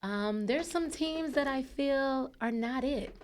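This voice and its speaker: A woman's voice: high-pitched, takes it slowly. A woman hosting a podcast, chatting casually and with sass about football, full of slang and teasing. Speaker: podcast host. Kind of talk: casual sports chat.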